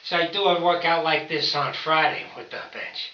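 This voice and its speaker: An older man talks loosely and folksily to his viewers about training and eating right, voice bright and a bit sharp. He sits back from the camera in an echoey room, and the sound comes through dull and lo-fi. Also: fairly high pitch, moderate pace. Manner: rambling, folksy, talks straight to viewers as fellas. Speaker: home powerlifting vlogger. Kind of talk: casual talk to camera while training. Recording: roomy, distant, dull camera audio.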